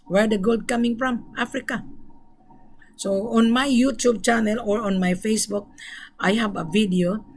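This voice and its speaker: A woman's voice: on the high side, fairly even intonation, normal speed, low-quality recording. A middle-aged woman vlogging as a gold trade broker, talking emphatically and repeating points straight to the viewer. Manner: emphatic, repetitive, lectures the viewer directly. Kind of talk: direct-to-camera vlog.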